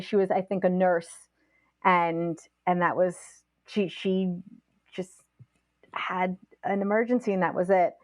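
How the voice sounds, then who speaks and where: A woman guest on a podcast, retelling a personal story in an animated, fast-flowing way full of "like" fillers. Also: fairly low pitch, no room sound.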